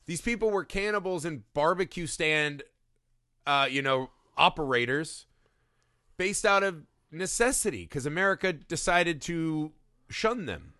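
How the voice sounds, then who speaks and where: A man's voice: on the high side, expressive, measured pace, pushed and bright, dry recording, studio quality. A man co-hosting a movie podcast, chatting casually and rambling, swearing freely as he acts out little scenes. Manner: rambling, profane, acts out silly voices in his stories. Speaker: podcast co-host. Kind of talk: casual movie-review chat.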